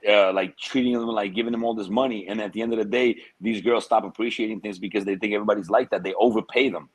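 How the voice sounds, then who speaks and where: Low-quality audio captures a husky, fairly low-pitched man speaking in a steady tone. He is an American interview guest telling casual stories, packed with street slang and drawn-out tangents.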